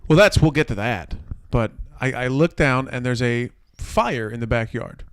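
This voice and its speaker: A man co-hosting a casual podcast, telling a neighbor story with lively play-acting of each person. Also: mid-range voice, normal speed, clear, resonant tone, no echo. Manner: animated storyteller, acts out neighbors with a put-on accent. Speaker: podcast co-host. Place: city apartment.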